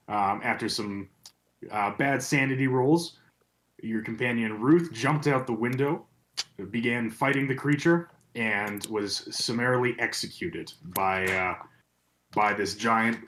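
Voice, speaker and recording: A man's voice: medium pitch, a bit bright, slight background noise. A man narrating as game master, recapping the story with frequent fillers. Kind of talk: narrating a tabletop horror game.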